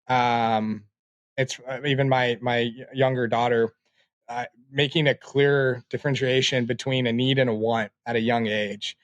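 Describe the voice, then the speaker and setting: A man in his late twenties, a podcast guest, talking in a reflective, halting way with many fillers. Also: mid-range voice, no echo. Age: 20s. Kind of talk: casual interview talk.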